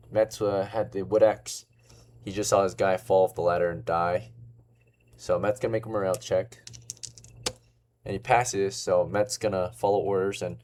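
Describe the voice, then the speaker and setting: A man's voice: lowish voice, a little mellow, a little hiss or hum. A man narrating as game master of a tabletop role-playing game, talking casually with many fillers.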